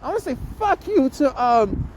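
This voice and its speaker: Male podcast host, high animated voice, angry stammering rant, windy outdoor recording. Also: normal speed. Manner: heated, repetitive, swearing, stammering restarts.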